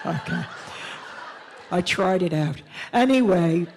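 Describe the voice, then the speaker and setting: A woman's voice: on the low side, lively intonation, extremely slow, background noise, pitched below the performer's own voice, heavily acted. A woman putting on a rambling older white lady. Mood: chatty. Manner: rambling, tittering, self-interrupting. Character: chatty older white woman, well-meaning, awkwardly patronizing. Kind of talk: stage character monologue. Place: stage at a town hall event.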